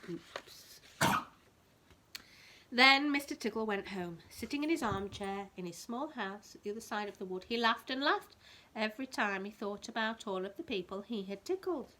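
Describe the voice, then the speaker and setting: Brief: female teacher for children's storytime, bright clear tone, lively read-aloud with little asides. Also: medium pitch, fairly quick. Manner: expressive, adds gentle asides to young listeners.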